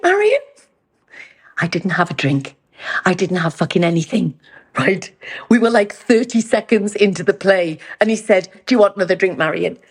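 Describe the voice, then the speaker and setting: A middle-aged woman from Newcastle with a Geordie accent, hosting her own podcast and telling candid stories with theatrical quoted voices. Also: mid-range voice. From Newcastle, England. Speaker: podcast host. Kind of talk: candid storytelling chat.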